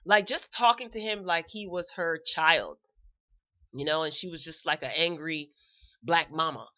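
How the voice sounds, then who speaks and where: A woman's voice: low-pitched, unhurried, sharp tone, lo-fi sound. A woman hosting a show, giving a chatty, opinionated recap in a casual, blunt way. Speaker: show host reviewing a celebrity video.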